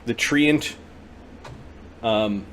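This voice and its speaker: A man's voice: medium pitch, extremely slow, a bit bright, slight background noise. A man acting as game master, narrating a tabletop game and working through rules, with many fillers.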